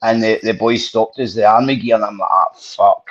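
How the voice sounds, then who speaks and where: A man's voice: fairly low pitch, fairly even intonation, moderate pace, slight background noise. A man hosting a podcast, telling rambling, sweary stories with plenty of restarts. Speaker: podcast host. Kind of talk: casual storytelling chat. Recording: dull lo-fi podcast audio.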